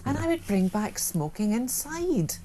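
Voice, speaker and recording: A woman's voice: a little high, very animated, a little slow, crowd noise. Chatty woman guest. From Glasgow, Scotland. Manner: chatty, opinionated, wry. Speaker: studio guest. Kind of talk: casual chat. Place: radio studio.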